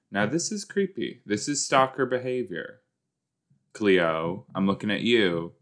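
Slow, low-voiced man reacting casually. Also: a bit bright. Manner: rambling, jokey, trails off. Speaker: rewatch podcast host.

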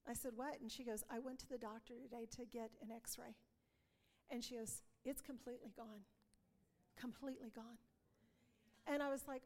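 High-voiced woman preaching a testimony. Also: steady tone, moderate pace, creaky, long pauses, a little mellow, long reverb tail. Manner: earnest storytelling, acts out dialogue. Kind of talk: testimony sermon.

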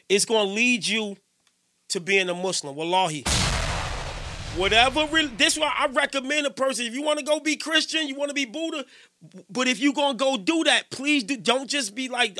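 A middle-aged man hosting a radio show, talking in a casual, preachy monologue that swings between loud emphasis and quiet, repeating himself as he goes. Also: extremely high pitch, expressive, moderate pace, dry recording, clean studio sound. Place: radio station studio.

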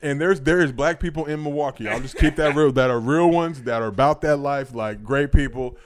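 A man's voice: medium pitch, fairly quick. A young man talking as a podcast guest in casual chat, blunt and profane with lots of fillers.

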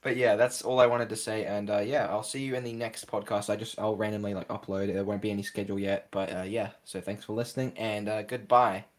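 A man's voice: on the low side, level tone, a little fast, hardly any pauses. A young Australian man hosting a casual podcast, rambling and joking with lots of fillers. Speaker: podcast host.

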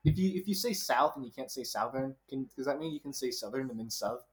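A man's voice: mid-range voice, animated, fast, low-quality recording. Teasing young man, chatter behind. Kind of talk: casual chat among friends.

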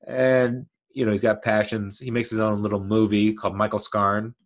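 A man's voice: on the low side, level tone, normal speed. A man talking casually as a video host, rambling and correcting himself, with frequent chuckles. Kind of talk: casual commentary.

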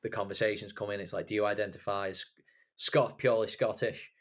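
A man from Wigan, a podcast host telling stories in a relaxed, casual way with lots of fillers. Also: lowish voice, fairly quick. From England, Wigan. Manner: relaxed storytelling with frequent fillers. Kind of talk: casual chat.

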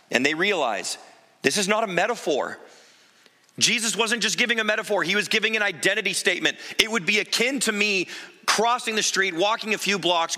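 A male pastor delivers a sermon from a church sanctuary, his fairly high voice cutting through with a sharp, ringing brightness. He preaches like a storyteller, animated and emphatic, throwing in quick asides. A long hall reverb trails behind every phrase.

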